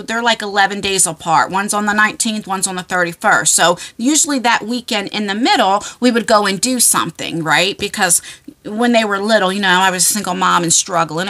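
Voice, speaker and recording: A woman in her forties, a vlogger telling funny stories to camera in a chatty, animated way with frequent laughs and fillers. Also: medium pitch. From New Jersey shore area. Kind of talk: casual storytelling to camera.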